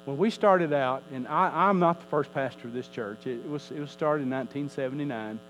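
A man's voice: mid-range voice, a little fast, a little hiss or hum, low-quality recording. Emphatic preaching pastor, man. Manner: emphatic preaching with rising and falling delivery, repeats words. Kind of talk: sermon.

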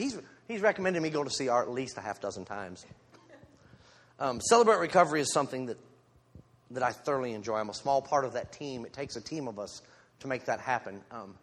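A man's voice: medium pitch, fairly bright tone. Man, lay preacher, candid and joking, church mic with a long hall echo. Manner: candid, self-deprecating, joking asides to the congregation. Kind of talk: informal church sermon. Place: church sanctuary. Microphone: handheld microphone.

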